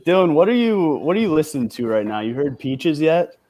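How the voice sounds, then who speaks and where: A man's voice: on the high side, big pitch swings, a little fast, dark tone. A man hosting casual comedic banter, steering the chat with questions.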